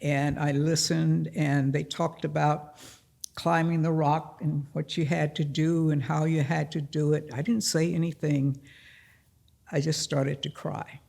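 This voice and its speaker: An older man tells a true story aloud at a library gathering, taking his time over each phrase. His voice is gravelly with a fairly high pitch for a man, and he slips into the voices of the people in his story. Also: little pitch movement, a little mellow. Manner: unhurried, plain-spoken, acts out the dialogue. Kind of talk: personal storytelling at a live event. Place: public library event room.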